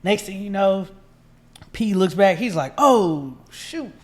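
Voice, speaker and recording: A young man co-hosting a podcast, telling a story step by step in lively, casual slang. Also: high voice, unhurried. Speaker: podcast co-host. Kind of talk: casual travel recap chat.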